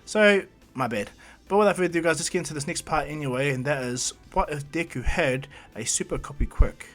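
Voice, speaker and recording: A man's voice: fairly high pitch, brisk, fairly bright tone, faint music behind. A man casually narrating his own fan story, rambling with lots of fillers and restarts.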